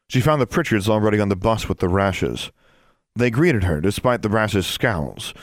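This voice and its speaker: A man narrating an audiobook in an even, steady storytelling manner. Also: low-pitched, dry recording, studio quality.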